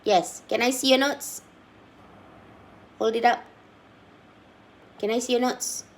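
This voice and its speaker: A woman teacher giving a classroom lecture, slowing down to stress key points and putting questions to her students. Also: a little high, steady tone.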